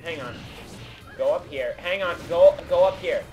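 A young man co-hosting a let's play, giving goofy, excitable commentary and bossing his partner around. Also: on the high side, a little slow. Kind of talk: casual gameplay commentary. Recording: game music underneath.

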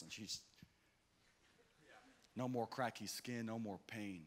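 A man's voice: on the low side, fast. Dramatic preacher man in a reverberant hall. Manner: dramatic, swings from loud to hushed. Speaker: pastor. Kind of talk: sermon. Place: church hall.

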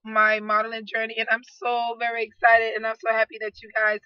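A woman with a hoarse, fading voice records a casual video diary as a vlogger, effusively addressing her viewers. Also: on the high side, completely flat delivery, brisk, no echo, lo-fi sound. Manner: effusive, keeps calling out "guys". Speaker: vlogger, aspiring model. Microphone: laptop built-in mic.

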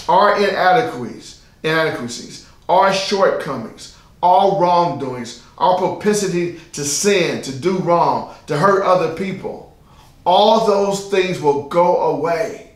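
A man's voice: a little high, roomy sound. A man preaching a sermon as pastor, emphatic and repetitive, asking the listeners rhetorical questions.

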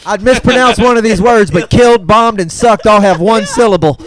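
A man's voice: high voice, moderate pace. A man co-hosting a podcast, making dry, wordy asides in casual banter. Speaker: podcast co-host.

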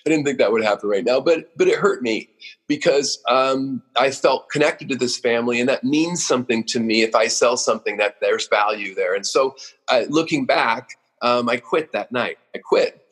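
A man's voice: mid-range voice, moderate pace, fairly bright tone, slightly rough, low-quality recording. A middle-aged man from Oregon, a business founder, telling personal stories on a podcast in an emotional, self-deprecating way with frequent restarts. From Oregon, USA. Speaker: guest, roofing company founder. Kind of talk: casual podcast storytelling.

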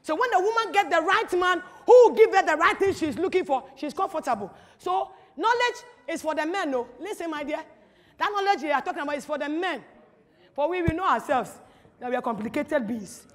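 A woman giving an animated, teasing church talk to an audience, full of rhetorical questions. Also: high voice, brisk, big-room sound. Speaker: speaker at a church teaching. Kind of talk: lively sermon-style talk to an audience.

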